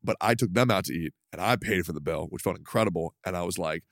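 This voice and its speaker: A man's voice: deep voice, fast, no room sound, clean studio sound. A young man co-hosting a podcast in casual chat, loose and casual with swearing. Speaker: podcast co-host.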